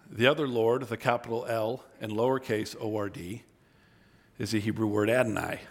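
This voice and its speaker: A man preaching a sermon, reading scripture aloud and acting out the speakers, moving from low, quiet reading to loud, high emphasis. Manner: acts out voices in scripture and paraphrase.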